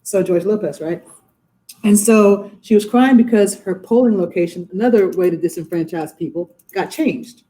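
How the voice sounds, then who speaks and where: A woman in her forties, a judge, telling stories in an animated way on a video call from her courtroom. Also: medium pitch, moderate pace, poor audio. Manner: animated, acts out quoted voices. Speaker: judge, interview guest. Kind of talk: casual storytelling in a podcast interview.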